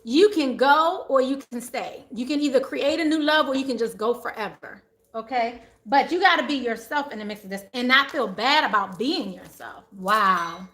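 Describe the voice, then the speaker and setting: Bright high-voiced woman reading tarot. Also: moderate pace. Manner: animated, exclaiming, repeats phrases. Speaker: tarot reader. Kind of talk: live tarot reading advice.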